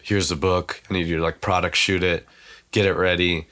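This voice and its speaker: His low-pitched voice barely moves in pitch and sounds pushed and bright. As a podcast guest, he spins casual, slangy stories crowded with fillers, quickly reenacting what other people said.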